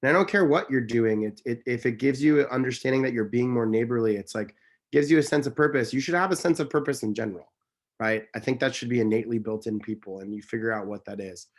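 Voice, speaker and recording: A man's voice: mid-range voice, fast talker. A man speaking as an interview guest, telling stories in an earnest, passionate, emphatic way that rambles and corrects itself. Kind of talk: casual conversational storytelling.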